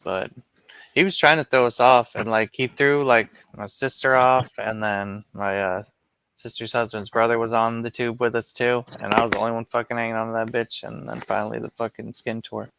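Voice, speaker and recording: Gravelly-voiced man rambling profanely. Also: mid-range voice, steady tone, moderate pace, fairly bright tone, no echo. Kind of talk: casual chat.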